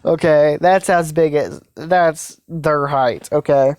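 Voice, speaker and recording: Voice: medium pitch, fairly even intonation, slow, darkish tone. A fan storyteller narrating a story casually, rambling and hesitant with many fillers and restarts.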